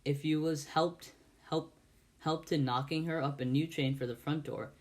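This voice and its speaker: A man voicing a plain-spoken, kindly village blacksmith, slow and deliberate in an amateur audiobook reading. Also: fairly high pitch, fairly even intonation, lightly acted. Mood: earnest. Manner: ponderous, deliberate, rustic grammar.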